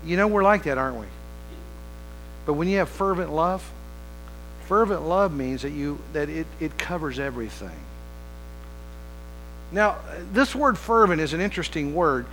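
A man's voice: on the high side, lively intonation, normal speed, pauses often, a bit bright, a little hiss or hum, rough recording. A man preaching a sermon as pastor, talking conversationally, asking the congregation rhetorical questions and mixing in playful humor.

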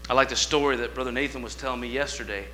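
Impassioned male preacher, bright, with mains hum. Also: medium pitch, steady tone, racing. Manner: impassioned, swings between shouting and hushed asides; acts out dialogue in different voices. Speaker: guest preacher. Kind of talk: sermon.

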